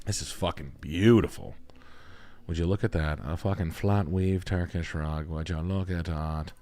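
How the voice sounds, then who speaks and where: A lowish male voice, loose and profane, hosting a live stream where he reacts to house listings. He swings into excited, swearing riffs and jokes as he goes. The delivery is casual chat rather than polished presenting. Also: normal speed. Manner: excitable, heavily profane, jokey riffing. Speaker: realtor and stream host.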